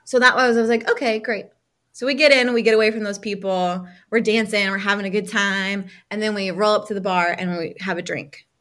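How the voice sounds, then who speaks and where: A woman, a healing coach, telling a personal story as a podcast guest, lively, acting out other people's lines and using many casual fillers. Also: medium pitch, brisk.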